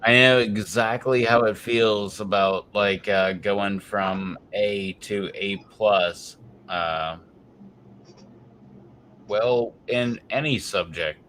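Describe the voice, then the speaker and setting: A man in casual chat, unhurried and trailing off with "uh". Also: on the low side, fairly even intonation, fairly bright tone, slight background noise. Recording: muffled lo-fi stream audio.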